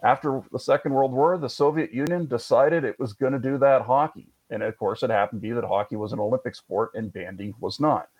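A man's voice: mid-range voice, brisk, hardly any pauses, a little mellow, slightly rough, dull audio. Wry man telling history. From Canada. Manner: wry, chatty, rambling asides and jokes. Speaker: podcast host. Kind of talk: conversational history storytelling.

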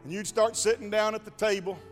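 A man preaching a sermon, moving from quiet reflection to shouted exclamations in a rhythmic preaching cadence. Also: high-pitched, steady tone, brisk. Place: church sanctuary. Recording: long hall reverb, faint music.

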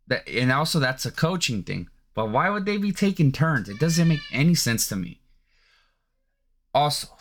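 A man hosting a sports podcast, ranting casually and profanely with incredulous outbursts. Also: medium pitch. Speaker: podcast host.

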